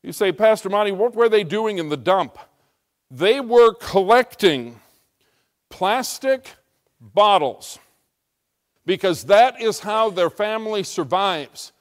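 A man's voice: high voice, animated, slow pace, long pauses. A middle-aged American man preaching a sermon as pastor, telling a story with emphatic rising intensity. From United States.

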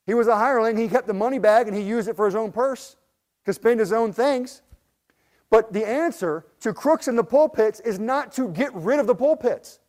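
Telling a personal story from the pulpit, this American pastor speaks at a moderate pace in a high voice. His earnest delivery swells to emphatic key lines, then sinks into a soft, low register, and he often stumbles, restarts, and repeats words.

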